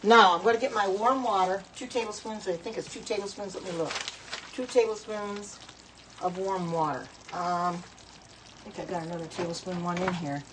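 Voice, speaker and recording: A woman's voice: mid-range voice, steady tone, normal speed, background noise. Rambling middle-aged woman cooking at home. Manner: rambling, chatty, self-correcting. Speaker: home cook. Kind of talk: casual cooking vlog talk. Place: home kitchen at the stove.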